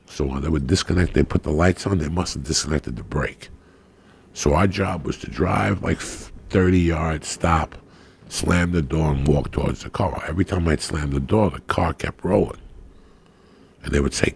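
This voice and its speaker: A man telling a profane, animated story as a podcast guest, acting out the people in it. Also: sits low, moderate pace, creaky, husky. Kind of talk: casual storytelling.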